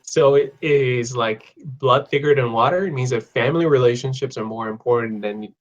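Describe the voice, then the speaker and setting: A man teaching an online English class on idioms, playful, laughing often and repeating phrases slowly. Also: mid-range voice, lo-fi sound. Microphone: video call.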